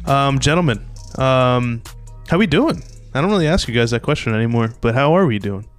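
A young man from the New York area hosting a casual sports podcast, animated and blunt, acting out little quoted exchanges. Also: medium pitch, fairly quick, soft background music. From New York metropolitan area. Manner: animated, talks in restarts and acted-out quotes, blunt opinions. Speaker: podcast host.

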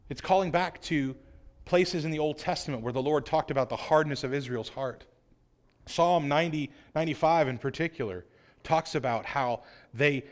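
A man preaching a sermon in an earnest way, pressing his points with rising emphasis. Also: fairly high pitch. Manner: earnest, acts out quoted voices, rising emphasis.

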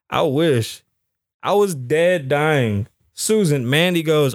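A man's voice: a little high, fairly quick, no echo, studio quality. A middle-aged man hosting a podcast, telling a story in a brash, profane, boastful way and slipping into voices of the people in it. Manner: profane, boastful, mimics others mid-story. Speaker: podcast host. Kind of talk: animated storytelling rant.

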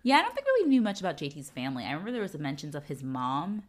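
Low, lively-voiced woman recapping a show. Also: racing. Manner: animated, laughs often, acts out characters' lines. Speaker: podcast co-host. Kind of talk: casual recap chat.

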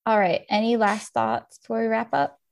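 A woman co-hosting a book podcast, agreeing and teasing in a relaxed casual chat. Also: fairly high pitch, normal speed. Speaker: podcast co-host.

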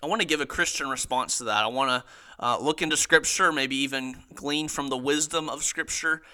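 A man's voice: mid-range voice, fairly quick, sharp tone, clear, resonant tone. A young man hosting a podcast, teaching theology in a casual, earnest way and reading quotes aloud with emphasis.

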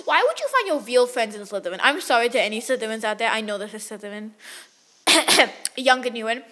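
A woman's voice: a little high, animated, a little fast, bright, forceful tone. A young woman co-hosting a casual book chat, giggly and playful as she recites verse. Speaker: book podcast co-host.

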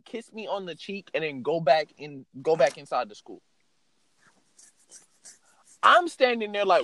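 Animated high-pitched young man telling stories. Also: moderate pace, dry recording. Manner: animated, profane, lots of fillers. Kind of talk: casual storytelling.

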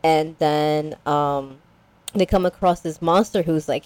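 A woman's voice: low voice, steady tone, slow, a little mellow, no echo. A young woman casually recapping a story as a podcast co-host, rambling with lots of "like" and acting out characters.

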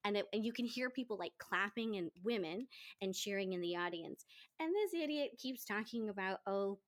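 A woman hosting a podcast, telling a story in casual chat, animated and chatty. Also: medium pitch, a little fast. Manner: animated, chatty, quotes people in lively voices. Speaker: podcast host.

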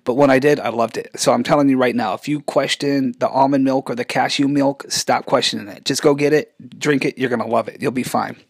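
A man in his forties rants casually for his vlog, rambling and sarcastic and stopping himself mid-thought. His voice sits at an ordinary pitch for a man. It is recorded close and dry, with no room sound. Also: fairly even intonation, a little fast, few pauses, dry recording. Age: 40s. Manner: rambling, sarcastic, self-interrupting. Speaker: vlog host.

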